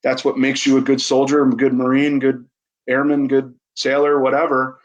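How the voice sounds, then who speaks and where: A man, an army veteran guest on a podcast, speaking candidly and haltingly, often restarting his sentences. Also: mid-range voice, completely flat delivery, highs cut off. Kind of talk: candid interview conversation.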